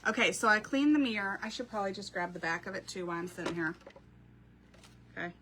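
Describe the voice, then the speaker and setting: A woman's voice: medium pitch, expressive, quick pace, a bit bright, slight background noise. A woman, hosting a craft live stream from home, chatting to viewers, telling stories and laughing often. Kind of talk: casual live-stream chat.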